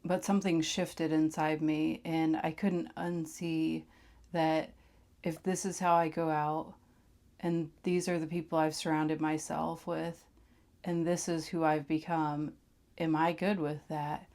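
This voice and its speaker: Low, flat-voiced woman telling her story. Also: measured pace. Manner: blunt and profane, drops into hushed tones. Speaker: vlogger sharing her past. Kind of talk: candid personal storytelling.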